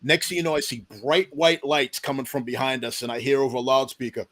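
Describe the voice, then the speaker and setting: A man's voice: medium pitch, fairly even intonation, quick pace, a bit bright. A man in his forties telling a long personal story in an interview, acting out the voices of the people in it. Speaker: deputy police chief, podcast guest.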